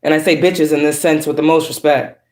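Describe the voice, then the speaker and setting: A woman's voice: deep voice, brisk. Woman tarot reader, preachy and profane, roomy echo. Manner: profane, preachy, shifts between calm and harsh. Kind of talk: spiritual reading monologue.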